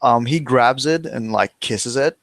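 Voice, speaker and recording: A man's voice: medium pitch, measured pace, fairly bright tone, no room sound. A man playing a tabletop role-playing game, hesitantly describing what his character does. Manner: hesitant, many ums. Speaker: player.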